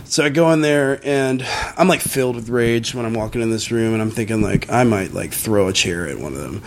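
Animated, foul-mouthed man telling a story. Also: fairly quick, a little hiss or hum. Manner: animated, swears often, many fillers; acts out quoted voices in a higher pitch. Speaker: podcast guest, band musician. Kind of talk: casual storytelling chat.

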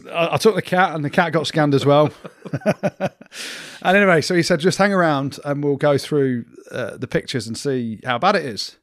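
Man, self-mocking, laughing banter, tight dry mic, slightly high voice. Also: normal speed, no room sound. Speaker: podcast co-host. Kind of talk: casual banter.

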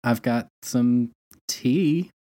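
A woman's voice: a bass voice, drawn-out words, mellow. A woman playing a tabletop game, giggly and self-deprecating in casual chat. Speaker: player.

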